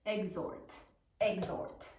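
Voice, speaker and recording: A woman teacher leading a spelling lesson, slowly sounding out words letter by letter for young pupils. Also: mid-range voice, fairly even intonation, a little mellow, slight background noise. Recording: echoey room, mic at a distance.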